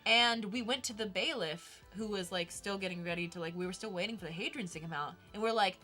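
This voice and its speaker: Co-host woman, bright and forceful tone, lively storyteller who acts out the lines. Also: medium pitch, fast, few pauses, soft background music. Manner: animated, acts out quoted dialogue. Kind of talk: casual storytelling chat.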